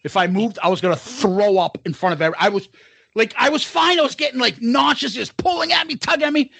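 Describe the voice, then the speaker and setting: A raspy man with a high, lively voice spins a profane story for his podcast co-host, acting out every person he meets. The sound is close and dry. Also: fast talker, no room sound. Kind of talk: casual storytelling chat.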